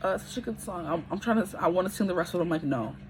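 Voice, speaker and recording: A woman's voice: on the low side, very fast, a little hiss or hum, low-quality recording. A woman in her twenties giving a casual pick-a-card tarot reading, chatty and rambling, often checking in with her listeners. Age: 20s.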